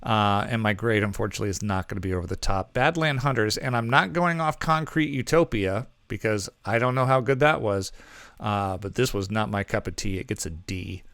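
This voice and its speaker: A man's voice: on the low side, a little fast, a bit bright, dry recording. A man co-hosting a movie podcast, giving casual reviews in a rambling way, full of ums and self-corrections.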